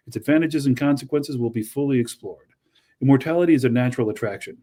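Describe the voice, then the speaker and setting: A man co-hosting a fan podcast, reading an article aloud at a steady pace and chatting casually in between. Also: mid-range voice, fast. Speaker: podcast co-host.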